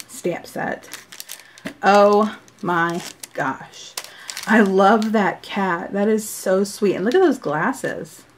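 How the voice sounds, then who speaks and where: A woman's voice: mid-range voice, a little hiss or hum. A middle-aged woman casually chatting as she shows off handmade greeting cards, gushing and laughing often. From United States. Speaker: card-making YouTuber. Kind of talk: casual chat showing mailed cards.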